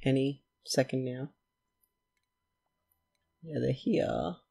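A gravelly, husky-voiced man narrating his gameplay. He talks at an unhurried pace, chatting to himself and the characters on screen, and he is quick to get excited. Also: mid-range voice. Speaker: let's play host. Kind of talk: gameplay commentary.

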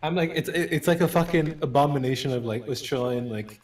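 A man in game voice chat, excitable and swearing often as he calls out the action. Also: on the high side, a little fast, reverberant, distant mic. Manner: excitable, swears often, talks over others. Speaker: gamer. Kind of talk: voice chat during online game.

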